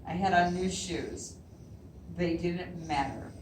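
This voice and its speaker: At a library reading, a woman poet shares her own work in a slow, lowish voice, often laughing nervously between lines. The sound comes from across a spacious hall, with a little background noise.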